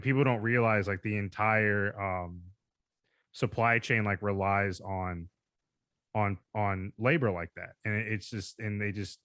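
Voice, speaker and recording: A man's voice: fairly low pitch, fairly bright tone, dry recording. Young southern guy ranting on a podcast, swears a ton, dry close mic. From American South. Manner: profane, ranting. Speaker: podcast host. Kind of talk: casual chat.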